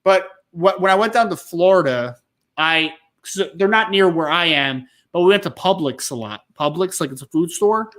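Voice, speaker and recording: A man's voice: high voice, expressive, moderate pace, fairly bright tone. A man co-hosting a casual sports talk show, rambling and laid-back, leaning on "like" and "man.". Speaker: podcast co-host.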